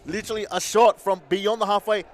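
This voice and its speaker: A man giving animated co-commentary and analysis on a futsal match. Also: high-pitched, brisk, noisy background. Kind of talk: live sports commentary.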